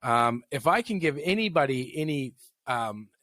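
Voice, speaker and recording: A man co-hosts a relaxed podcast, talking in a loose, playful, joking way. His voice sits in a middle register. It is recorded dry and close, with no room sound. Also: mid-range voice, normal speed, dry recording. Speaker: podcast co-host. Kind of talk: casual chat.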